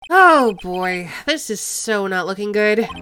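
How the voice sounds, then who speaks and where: A woman's voice: mid-range voice, lively intonation, slow pace, bright, forceful tone, faint music behind. Woman doing a nervous young defense lawyer. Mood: worried. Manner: anxious inner monologue. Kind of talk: game voice-over.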